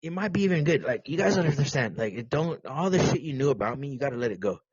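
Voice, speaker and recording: A man's voice: medium pitch, animated, quick pace, husky, dry recording, dull audio. A man hosting a podcast, rambling crudely and teasing with lots of restarts. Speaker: podcast host. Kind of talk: casual rambling podcast rant.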